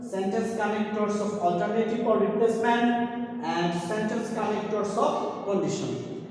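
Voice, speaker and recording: Man, high voice, slow repetitive teacher delivery, distant mic in a very echoey room. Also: darkish tone. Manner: repetitive, addresses listeners as dear students. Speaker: English teacher. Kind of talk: recorded grammar lecture.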